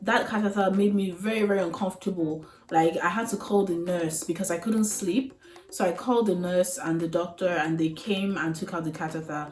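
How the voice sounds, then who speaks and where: In a brisk, lowish voice that is a little mellow and fairly even in intonation, a young vlogger shares a personal story with her camera. She is candid and chatty, scattering fillers and frank asides throughout, in a roomy, echoing space with faint music playing.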